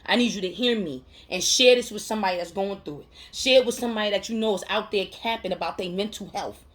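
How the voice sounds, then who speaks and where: Speaking quickly in a mid-range voice, a female mental health counselor gives an emotional pep talk straight to camera. Her style is forceful and full of slang, with repeated phrases hammering the message in.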